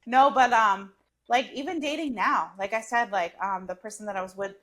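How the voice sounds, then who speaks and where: A woman's voice: on the high side, normal speed, a bit bright. A woman co-hosting a podcast in casual chat, talkative and giggly, with many "like" and "um" fillers. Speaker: podcast co-host.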